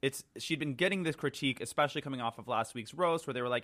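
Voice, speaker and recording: A man's voice: medium pitch, fast talker, a bit bright. Chatty camp man dishing critiques. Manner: chatty, dishes critiques with playful camp flair. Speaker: guest, drag queen. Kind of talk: casual chat.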